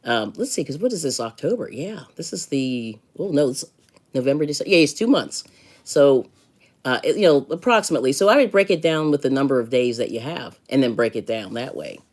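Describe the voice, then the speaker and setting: A woman's voice: very deep voice, expressive, brisk, darkish tone. A middle-aged woman hosting a live stream, casually chatting with viewers and giving advice, laughing often. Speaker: livestream host.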